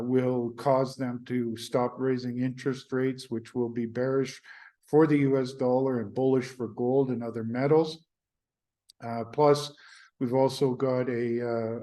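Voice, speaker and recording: A man's voice: medium pitch, warm tone. A man hosting solo market commentary, speaking with many uh and um fillers and frequent restarts.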